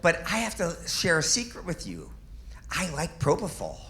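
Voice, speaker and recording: A man's voice: a little high, huge pitch swings, moderate pace. A man in his fifties doing a stand-up comedy set on a club stage, delivering self-deprecating punchlines with little chuckles.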